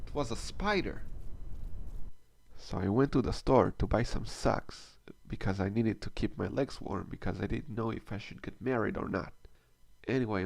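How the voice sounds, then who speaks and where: A man doing stand-up comedy, telling pun-based jokes and a rambling anecdote in a deadpan way. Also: mid-range voice, vocal fry. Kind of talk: stand-up one-liners and anecdote.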